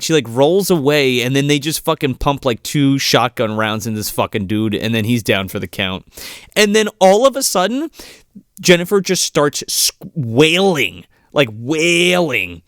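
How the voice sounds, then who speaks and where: A man's voice: a little high, fairly bright tone, clean tone, dry recording, clean studio sound. A man co-hosting a casual movie podcast, retelling scenes in a rambling, profane way. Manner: profane, rambling retelling with mocking quoted voices. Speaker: podcast co-host. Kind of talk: casual movie review chat.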